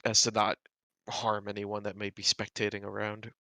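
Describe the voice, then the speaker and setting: A male game master narrates a tabletop game in a relaxed way, with plenty of fillers. His voice is fairly low but bright and forceful. He is recorded close and dry. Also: moderate pace, no echo.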